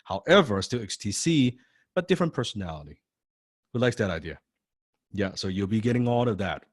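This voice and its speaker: A man's voice: lowish voice, dry recording, clean studio sound. A man coaching a sales class who stresses key points, repeats phrases and acts out phone calls. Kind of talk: live sales training class.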